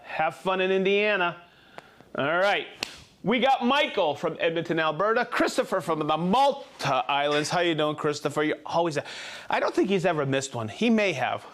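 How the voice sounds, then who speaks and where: A man hosting a live show, reading out viewer names in a playful, energetic way. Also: fairly high pitch, normal speed, a little hiss or hum. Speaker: show host. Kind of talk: live show shout-outs.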